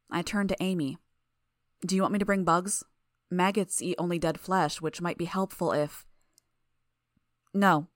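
A woman narrating a first-person fiction audiobook in a steady, even way. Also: on the low side, no echo, clean studio sound.

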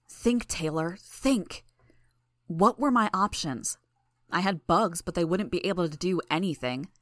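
A woman narrating a first-person story in a measured, tense way. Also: fairly low pitch, a bit bright, no echo, studio quality.

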